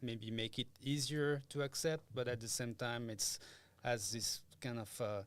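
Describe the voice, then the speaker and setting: Hesitant guitarist. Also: male voice, mid-range voice, fairly even intonation, measured pace. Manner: hesitant, searching for words, laughs often. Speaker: guitarist guest. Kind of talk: casual podcast interview.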